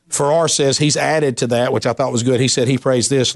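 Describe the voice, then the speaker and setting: A male pastor delivering a sermon in a lively, conversational preaching style. He restarts phrases and stacks repetitions as he builds a point, and his voice climbs in pitch whenever he leans into an emphasis. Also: a little fast, hardly any pauses. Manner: animated preaching with frequent restarts and rising emphasis.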